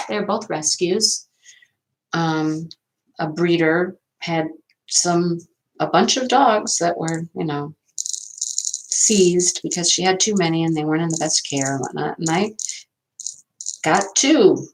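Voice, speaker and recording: Chatty middle-aged woman, lowish voice. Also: low-quality recording. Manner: rambling and chatty, answering viewer comments. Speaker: livestream host. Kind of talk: casual livestream chat.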